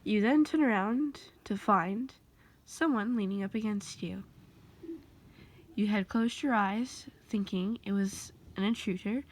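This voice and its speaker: A woman's voice: medium pitch, a little mellow. A woman casually reading a second-person fan story aloud, rambling and correcting herself as she goes. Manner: loose, rambling delivery with self-corrections. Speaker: amateur storyteller.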